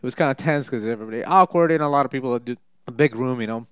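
A man's voice: mid-range voice, racing, a bit bright, smooth, no room sound, clean studio sound. A young man chatting casually, telling rambling, joking stories full of fillers and restarts. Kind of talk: casual storytelling chat.

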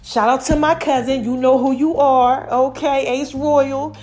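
A woman in her forties hosting her own podcast, talking casually and animatedly, giving shout-outs to listeners. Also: sits high, unhurried. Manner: animated, chatty, calls listeners "y'all" and "baby". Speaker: podcast host. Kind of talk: casual monologue.

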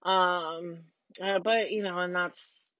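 A woman's voice: mid-range voice, animated, slow, a bit bright, no echo, dull audio. Blunt, profane American woman in her forties. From United States. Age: 40s. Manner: blunt, swearing, heated and sarcastic. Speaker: podcast host. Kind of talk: casual solo rant. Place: parked car.

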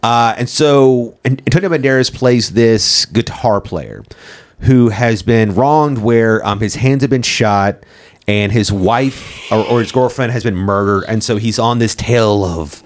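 A man talking loosely about a film, his sentences piling up with fillers and restarts. He swears freely and laughs as he retells scenes, with a voice of middling pitch. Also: measured pace. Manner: rambling, heavy on "like" fillers and swearing. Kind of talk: casual film chat.

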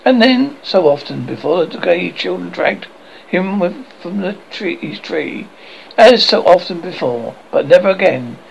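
A man reading a children's novel aloud, unhurried and with small slips and self-corrections. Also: high voice, sing-song, vocal fry, lo-fi sound, slight background noise. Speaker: audiobook reader.

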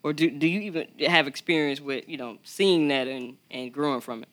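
A host with a bright, forceful voice leads a casual podcast conversation. They build up introductions with theatrical flair, then ease back into easy talk. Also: medium pitch, brisk.

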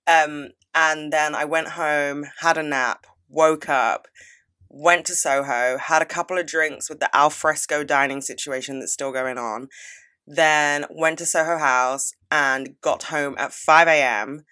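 A woman in her twenties, with a voice still lowered from a recent cold, chatting casually and gushing as she swears freely. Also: steady tone, measured pace, bright, forceful tone, clear, resonant tone. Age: 20s. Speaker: podcast host. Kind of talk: casual advice and life-update chat.

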